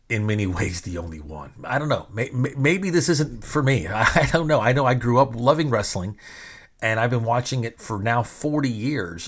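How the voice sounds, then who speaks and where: A middle-aged man from Arkansas, rambling in an exasperated casual monologue to listeners, swearing freely and laughing now and then. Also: on the low side. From Arkansas, USA.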